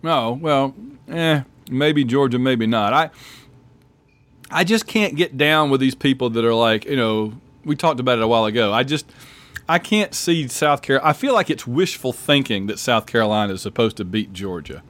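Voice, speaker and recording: A man's voice: mid-range voice, expressive, moderate pace, a bit bright. A man co-hosting a casual sports chat, playful and joking. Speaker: podcast co-host.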